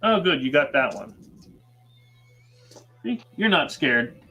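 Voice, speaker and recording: A man's voice: on the high side, big pitch swings, takes it slowly, pushed and bright, soft background music, low-quality recording. A man running a board game on a livestream, reading card text aloud between casual chat and laughs.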